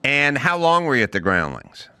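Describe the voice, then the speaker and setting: A middle-aged man hosting a casual talk show, telling stories in a lively way and acting out the voices of people in them. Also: mid-range voice, normal speed, smooth. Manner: animated storyteller, acts out loud impressions of a yelling teacher. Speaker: podcast host. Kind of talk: casual chat.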